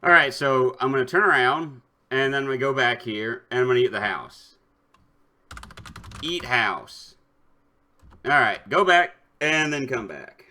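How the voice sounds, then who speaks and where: Guy streaming an old game, slow easygoing delivery, jokey asides, bright tone. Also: mid-range voice, big pitch swings. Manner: playful, joking asides, typing commands aloud. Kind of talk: casual gameplay commentary, reading game text aloud.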